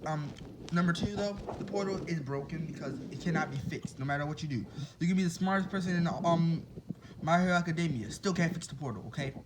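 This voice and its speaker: Man telling a made-up story off the cuff, rambling and chatty, slightly high-pitched. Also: quick pace, background noise. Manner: rambling, with restarts and asides to listeners. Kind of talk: casual improvised fan-fiction storytelling.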